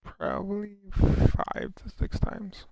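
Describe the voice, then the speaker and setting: A young American man on a live stream, answering his viewers' questions one by one. His voice is heavily gravelly and swings widely in pitch, and he often trips over the start of a sentence before going on. The sound is close and dry, with no room around it. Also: wildly swooping pitch, slow, a little mellow, dry recording. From United States. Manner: reads out and answers chat questions, with frequent restarts. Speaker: livestreamer. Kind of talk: casual live-stream chat.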